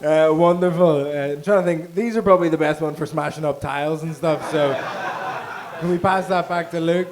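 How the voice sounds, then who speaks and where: A man's voice: fairly high pitch, fairly even intonation, normal speed. A man hosting a comedy night, doing teasing crowd work with swearing and laughter. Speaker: comedy show host. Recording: noisy live room mic.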